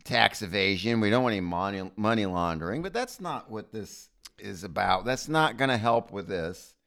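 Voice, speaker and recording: American male podcast host, lowish voice, halting, opinionated chat. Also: animated, creaky, a bit bright. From United States. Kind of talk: casual chat.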